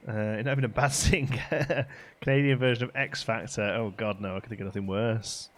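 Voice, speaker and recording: A man's voice: lowish voice, fairly even intonation, a little fast. A man chatting casually while streaming a game live, rambling and laughing often.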